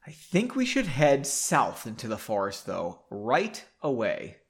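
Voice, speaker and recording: A man's voice: mid-range voice, huge pitch swings, measured pace, pitched below the performer's own voice. A man voicing a blunt, suspicious young male adventurer in a read-aloud story, with curt, skeptical replies.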